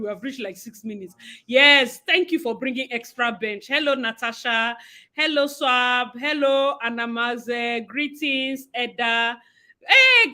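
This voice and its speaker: A woman's voice: high-pitched, pushed and bright. A young woman with a Nigerian accent hosting a casual livestream, chatting and greeting viewers by name with frequent laughter. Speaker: livestream host. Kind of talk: casual live-stream chat.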